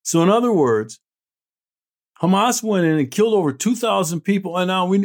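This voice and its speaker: A middle-aged man hosts an opinion show, reading news items and reacting with blunt, indignant sarcasm. His voice sits high and expressive, moving at a normal speed.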